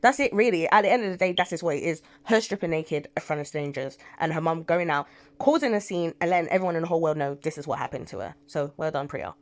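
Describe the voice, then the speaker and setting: Fast-talking opinionated woman vlogger. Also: low voice. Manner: opinionated, retells scenes with quoted dialogue; frank, exclaiming asides. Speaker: soap opera reviewer. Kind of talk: casual rambling episode recap.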